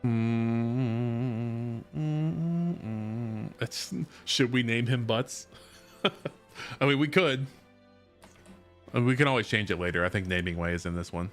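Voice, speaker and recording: A man's voice: medium pitch, fairly even intonation, moderate pace, pauses often, a bit bright, soft background music. A man streaming a video game, chatting casually and joking with his viewers. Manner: chatty and joking, reads game text aloud. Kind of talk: casual let's-play chat.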